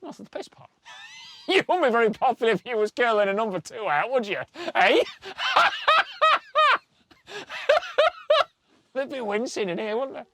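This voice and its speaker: A man presenting a documentary, telling stories in a lively way, swearing freely and laughing often. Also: extremely high pitch, fairly quick, background noise. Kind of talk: lively storytelling to camera.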